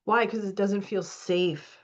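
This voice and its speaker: A woman's voice: medium pitch, steady tone, unhurried, highs cut off. A woman as a spiritual coach leading a live online masterclass, reading out participants' comments and urging them on emphatically.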